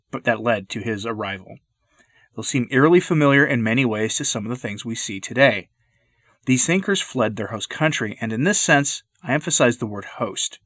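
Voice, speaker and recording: A man giving earnest, measured scripted commentary, stressing key words as he reads. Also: mid-range voice, fairly bright tone, dry recording.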